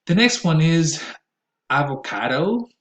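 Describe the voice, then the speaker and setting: A man's voice: mid-range voice, normal speed, dull audio. A man whose first language is Spanish lectures his students on English word stress. He explains carefully, with plenty of "uh" and "um" between phrases. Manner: careful, explanatory, with frequent "uh" fillers. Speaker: English pronunciation teacher.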